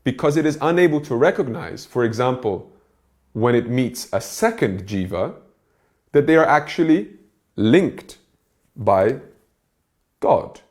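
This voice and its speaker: A man's voice: mid-range voice, animated, a little slow, pauses often, a little mellow. A man giving a recorded lecture as a spiritual teacher, explaining step by step and checking in with his listeners.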